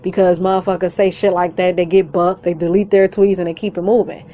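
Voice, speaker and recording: A woman's voice: on the low side, level tone, a little fast, warm tone, a little hiss or hum. A woman vlogger in a blunt, profane rant who talks straight to her viewers, rambles and keeps swearing. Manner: blunt and defiant, swears constantly, breaks into laughter; rambling and conversational, addresses viewers directly. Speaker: YouTuber.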